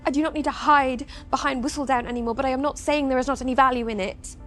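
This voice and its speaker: An actress playing an earnest young Regency lady who speaks softly and from the heart in period drama dialogue. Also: sits high, fairly even intonation, fast, faint music behind, natural voice. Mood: firm.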